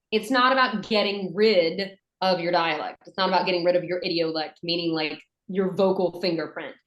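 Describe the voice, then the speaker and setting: A woman from Western North Carolina with a softened Southern accent, a voice actress and dialect coach chatting in an interview with lots of fillers and restarts. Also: on the low side, reverberant, low-quality recording. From Western North Carolina, USA. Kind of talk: conversational interview.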